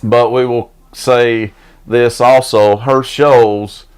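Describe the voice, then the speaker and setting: A man's voice: medium pitch, steady tone, slow pace, a little mellow, clean tone. A man co-hosting a studio show, teasing his partner and laughing easily. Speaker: co-host. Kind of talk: casual studio banter.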